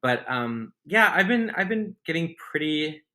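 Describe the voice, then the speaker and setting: A man's voice: on the high side, big pitch swings, measured pace, bright, forceful tone. A man speaking as a podcast guest in easygoing, candid chat, joking about himself. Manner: easygoing, self-deprecating and candid. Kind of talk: casual interview chat.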